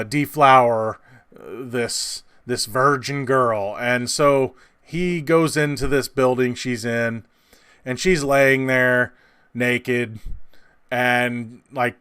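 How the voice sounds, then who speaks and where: Guy rambling through a movie review, smooth resonant voice, dry close mic. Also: mid-range voice, fairly even intonation, slow, a bit bright, dry recording. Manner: rambling, many fillers and restarts. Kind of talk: casual film review monologue.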